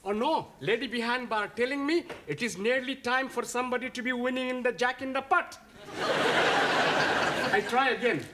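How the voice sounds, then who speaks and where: An excitable student gambler. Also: male voice, extremely high pitch, moderate pace, background noise. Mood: hopeful. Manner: hopeful, uses "-ing" forms in broken English. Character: excitable adult male language student gambling at a slot machine. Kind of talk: sitcom acting. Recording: 1970s TV sitcom with studio audience laughter.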